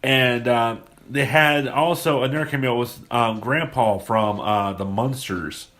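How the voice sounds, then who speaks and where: A man's voice: medium pitch, measured pace, fairly bright tone. A man hosting a casual movie podcast, rambling with many fillers and restarts, recorded at someone's home. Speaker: podcast host. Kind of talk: casual movie review chat. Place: guests' home, remote location.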